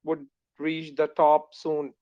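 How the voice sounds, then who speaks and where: Team guy chiming in on a call, super flat slow voice, muffled lo-fi sound. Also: fairly high pitch, dry recording. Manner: halting, with fillers. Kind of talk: casual call talk.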